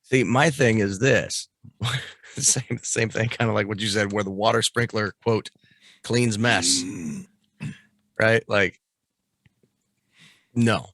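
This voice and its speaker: A man's voice: lowish voice, fairly even intonation, a little slow, pauses often, a bit bright, dry recording, studio quality. A man co-hosting a podcast news quiz in casual chat, swearing freely and laughing often as he teases his co-host.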